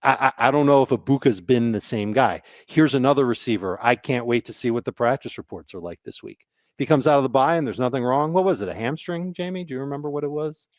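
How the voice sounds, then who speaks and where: A man's voice: mid-range voice, fast, no echo. Chatty man on a podcast, dry sound. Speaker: fantasy football host. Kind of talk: casual podcast discussion.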